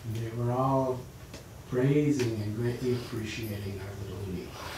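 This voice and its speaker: A man, a monk giving a storytelling sermon, who narrates in an animated way and acts out the voices of his characters. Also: mid-range voice, moderate pace. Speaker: monk lecturer. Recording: echoey hall, far mic, noisy.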